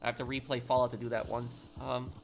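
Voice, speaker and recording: Young man, game streamer, chatty, answers viewer questions, average pitch, slight hiss behind. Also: flat delivery, quick pace, gravelly. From New York City. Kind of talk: casual live-stream chat.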